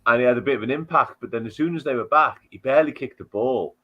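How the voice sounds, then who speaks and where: A man's voice: medium pitch, fast, husky. A man on a football podcast panel, giving frank, chatty opinions on a player's future. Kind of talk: casual football chat. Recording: dull lo-fi audio.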